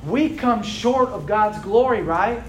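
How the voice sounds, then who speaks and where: High-voiced slow-preaching man. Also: expressive. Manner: preaching with rhetorical questions to a responding congregation. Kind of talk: sermon. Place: room with a congregation.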